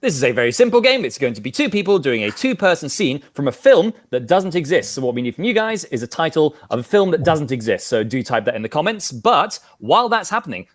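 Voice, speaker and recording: Comedian guy explaining the game on a video call, wry, bouncy lively pitch. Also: dry recording, studio quality.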